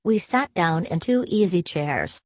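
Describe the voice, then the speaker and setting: A woman narrating an audiobook in a measured, even reading. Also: on the low side, no room sound. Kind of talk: scripted narration.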